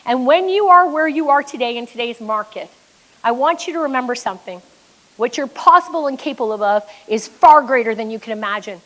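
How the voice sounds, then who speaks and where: A woman's voice: high-pitched, lively intonation, a little fast, fairly bright tone, low-quality recording. A Canadian woman giving a motivational keynote as a business coach, emphatic and blunt, with some swearing. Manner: emphatic storyteller, blunt and profane.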